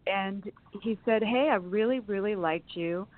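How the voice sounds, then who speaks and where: A woman's voice: medium pitch, measured pace. A woman being interviewed, telling long personal stories in a chatty way and laughing often. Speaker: interview guest. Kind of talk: storytelling in a phone interview. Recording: phone-line sound.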